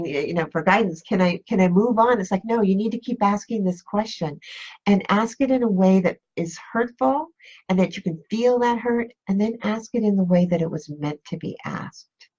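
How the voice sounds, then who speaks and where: A woman hosting a motivational live-stream talk. She speaks slowly and reflectively, repeating her questions. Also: medium pitch, darkish tone, breathy edge. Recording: dull lo-fi live-stream audio.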